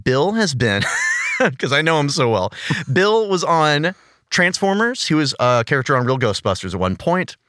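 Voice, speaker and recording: A man with a fairly high, very animated voice and a slightly bright tone co-hosts a casual podcast at a moderate pace, with no echo. He is enthusiastic and giggly, bantering nerdily through trivia.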